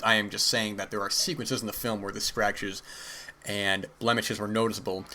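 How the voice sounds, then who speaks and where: A man with a lowish, bright and forceful voice hosts a podcast solo. He talks at length about a film in an earnest, rambling way, often stopping to correct or qualify what he just said. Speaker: podcast host. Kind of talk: casual film commentary monologue.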